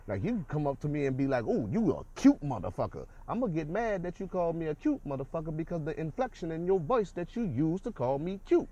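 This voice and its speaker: A man delivering a loud, profane, worked-up comedic rant on a podcast. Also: mid-range voice. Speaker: podcast ranter.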